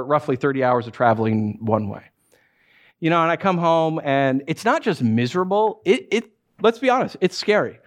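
A middle-aged man preaching a sermon as pastor, telling stories with lots of restarts and acted-out asides. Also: mid-range voice. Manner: animated storytelling with many restarts and acted asides.

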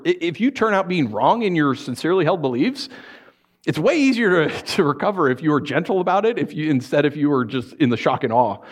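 A man preaching a sermon, telling stories and acting out the people in them. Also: mid-range voice. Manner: animated storytelling, acts out shouting characters. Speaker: pastor.

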